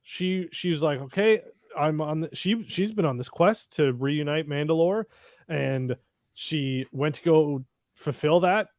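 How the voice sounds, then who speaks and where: A man with a fairly high voice chats casually and jokes around with friends. He swears freely and talks with animated energy. The recording is dry and close, with no room sound. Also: slow pace, no room sound. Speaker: podcast co-host. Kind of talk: casual chat.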